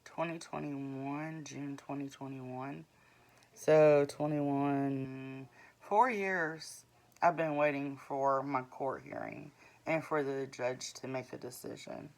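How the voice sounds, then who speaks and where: A woman's voice: a bass voice, animated, slow pace, gravelly, a little mellow. A woman in her forties, an author giving a rambling, earnest vlog update about her books, full of ums and restarts. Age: 40s. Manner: earnest, plain-spoken.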